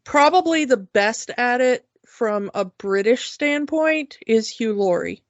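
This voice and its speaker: A woman co-hosting a podcast, telling stories in a chatty, unhurried way with fillers. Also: a little high, lively intonation, no room sound. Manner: chatty, drawn-out storytelling with fillers. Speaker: podcast co-host. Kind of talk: casual podcast chat. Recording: dull lo-fi podcast mic.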